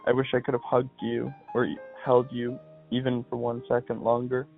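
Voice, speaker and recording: A young man, a podcast guest, speaking in a soft, halting, heartfelt way as he reads aloud and chats. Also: medium pitch, monotone, creaky. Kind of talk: reading aloud and casual phone chat. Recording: tinny phone line with faint music.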